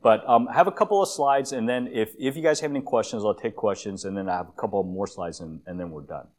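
Long-winded man preaching, low voice. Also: quick pace, a little mellow. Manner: conversational, with frequent fillers and restarts; self-described as long-winded. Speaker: guest preacher. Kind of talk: church sermon with slides.

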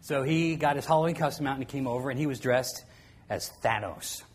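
A middle-aged man telling a personal story to an audience in a conversational way, often dropping to a quiet voice and chuckling now and then. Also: medium pitch, a little fast, very noisy.

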